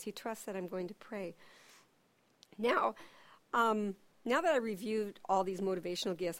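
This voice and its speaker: Middle-aged woman, church teaching talk, animated storyteller, dry close sound. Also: mid-range voice, no echo. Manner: animated storyteller who acts out quotes. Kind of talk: sermon-style teaching with personal stories.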